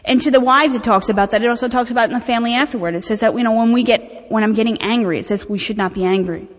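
Candid middle-aged woman, kinda high voice, telling her own story, hall echo all around. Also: rapid-fire. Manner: candid, animated, self-mocking. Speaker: speaker sharing recovery experience. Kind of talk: personal talk at a recovery meeting. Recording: long hall reverb.

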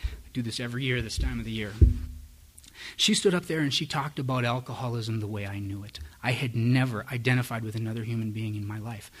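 This middle-aged man's voice sits in the mid-range, steady and fairly quick, with a breathy edge. Before a live audience, he frankly recounts his own recovery, poking fun at himself as he testifies.

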